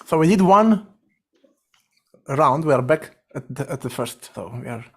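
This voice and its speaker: A man runs a live group coding session, his voice sitting a touch high for a man. He thinks aloud, questions names and fires off quick directions to whoever is typing. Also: expressive, husky. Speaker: session facilitator.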